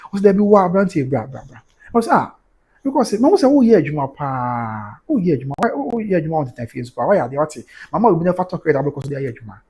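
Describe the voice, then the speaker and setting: A Ghanaian man hosting a casual livestream news commentary, animated and exclamatory, mixing Twi with English. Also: medium pitch, slightly rough.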